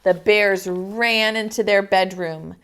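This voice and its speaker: A woman's voice: mid-range voice, steady tone, takes it slowly, a bit bright, clean tone. A woman preschool teacher in an online video class, reading a picture book aloud expressively and asking the children questions.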